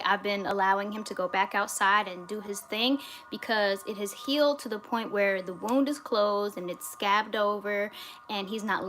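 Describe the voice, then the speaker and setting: A woman hosting a casual livestream from home, reading viewer comments aloud in a relaxed way, with fillers. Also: mid-range voice, slight background noise. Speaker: livestream host. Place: home in the US state of Georgia.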